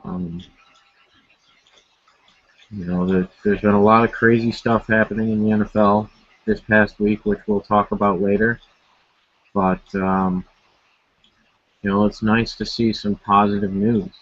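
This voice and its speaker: A man from Buffalo co-hosting a sports podcast, speaking haltingly about his home city's teams. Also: fairly low pitch, little pitch movement, dry recording, lo-fi sound. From Buffalo, New York. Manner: halting, with many fillers and restarts. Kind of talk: casual sports chat.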